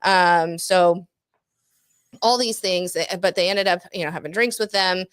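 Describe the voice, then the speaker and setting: A woman talks her way through a long story on a relaxed podcast, pausing on ums and breaking into small laughs. Her voice sits a little low, and the sound is close and dry with no room echo. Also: smooth. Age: adult parent. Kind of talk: casual podcast chat.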